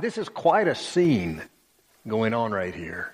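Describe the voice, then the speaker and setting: Slow, low-voiced pastor preaching. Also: male voice, wildly swooping pitch, husky, long reverb tail. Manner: emphatic, dramatic storytelling. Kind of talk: sermon.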